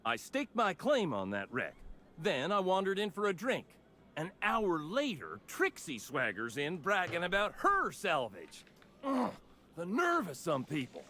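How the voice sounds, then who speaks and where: A man's voice: high voice, huge pitch swings, measured pace, sharp tone, slight background noise, heavily acted. An actor voicing a petty, hotheaded male junk salvager in a video game, with a whiny, indignant manner. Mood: blustering.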